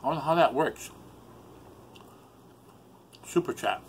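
A man's voice: on the high side, lively intonation, takes it slowly, slight background noise. A man rambling emotionally in a solo vlog, swearing often and close to tears. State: upset, near tears. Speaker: YouTuber.

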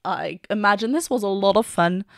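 A woman's voice: medium pitch, brisk, creaky, dry recording, studio quality. A woman, a vocal coach reacting to a song and explaining singing technique with enthusiasm. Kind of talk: reaction video with vocal analysis.

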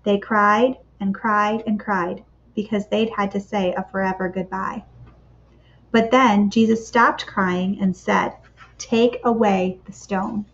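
A woman reads a picture book aloud for a church kids' club. Her storytelling is expressive and measured, with dramatic pauses, and her voice sits at a middle pitch. The recording is slightly dull and lo-fi. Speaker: children's ministry storyteller.

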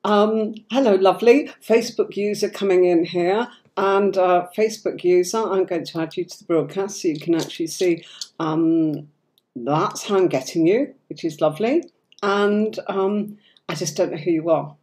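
A woman with a cold and a hoarse voice, hosting a live tarot stream and chatting affectionately while she sorts out the software. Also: on the low side, normal speed.

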